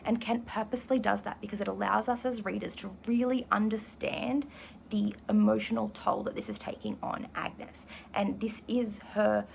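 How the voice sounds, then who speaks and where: Enthusiastic gravelly-voiced woman teacher. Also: mid-range voice, steady tone, moderate pace, a little hiss or hum, poor audio. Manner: enthusiastic, self-correcting while reading. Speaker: English teacher. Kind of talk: literature lesson with read-aloud passage.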